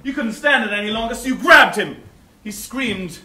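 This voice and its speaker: In an amateur stage comedy, a man plays a bumbling, mock-grand police inspector, using a full, high-pitched character voice at normal speed. His manner is theatrical and lively, and the recording comes from far off in an echoey theatre hall.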